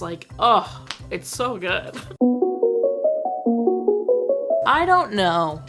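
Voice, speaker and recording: A young woman casually gushing about a movie she reviews, full of slang, quoting scenes in lively put-on voices. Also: on the low side.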